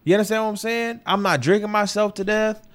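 Brief: young male podcast host, higher-pitched voice, raw and candid personal talk, heavy swearing, repeats himself and restarts. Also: steady tone, a little fast, a bit bright. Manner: candid and emotional, swears often, circles back with restarts. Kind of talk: personal opinion monologue. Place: New York.

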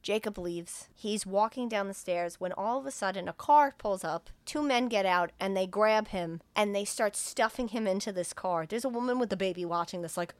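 A woman's voice: mid-range voice, normal speed, few pauses, smooth, dry recording. A woman hosting a podcast, casually recapping a movie plot in a chatty, profane way with acted-out dialogue. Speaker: podcast host.

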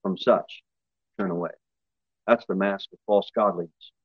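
A male pastor preaching a sermon, his voice jumping high and loud for emphasis before dropping back low. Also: steady tone, measured pace, slightly rough, dry recording, highs cut off. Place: church.

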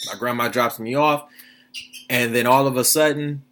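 A man's voice: medium pitch, normal speed. Blunt, profane young male podcast host. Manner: animated, blunt and profane, keeps asking "you understand what I'm saying?". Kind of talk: casual solo podcast commentary.

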